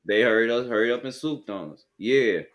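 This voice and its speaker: A man's voice: mid-range voice, brisk. A man from Texas with a Texan accent, telling a profane, streetwise story in casual chat.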